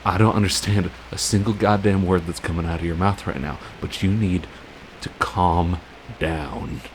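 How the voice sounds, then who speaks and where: A man playing a steady young adventurer who calms a friend with a story. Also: low voice, moderate pace, slight background noise, lightly acted, rough recording. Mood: calming.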